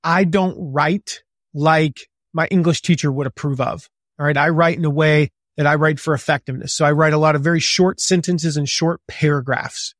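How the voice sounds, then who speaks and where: Gregarious, slightly loud man in his forties. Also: on the high side, normal speed, dry recording, studio quality. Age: 40s. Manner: gregarious, a little loud, animated; conversational with many fillers. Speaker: guest author and business coach. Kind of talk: podcast interview.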